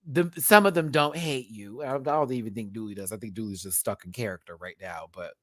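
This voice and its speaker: A man's voice: fairly low pitch, quick pace, no room sound. Sassy campy guy doing a drag race review stream, laughs a lot, dead dry audio. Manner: sassy and campy, heavy slang, laughs often; talks straight to viewers and people in the show. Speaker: drag show reviewer hosting a livestream. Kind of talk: casual livestream commentary.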